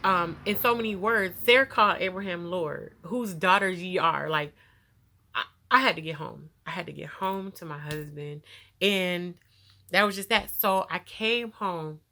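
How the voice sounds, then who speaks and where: A woman telling her own story to camera in a casual, animated way, laughing often and growing emotional, with features. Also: fairly low pitch, unhurried.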